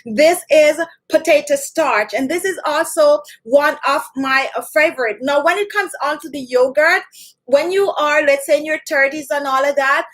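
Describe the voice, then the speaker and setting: A woman's voice: high voice, moderate pace, fairly bright tone. A woman hosting a beauty channel, giving home skincare tips in a chatty, repetitive, instructive way and greeting viewers by name. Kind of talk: casual talk to camera.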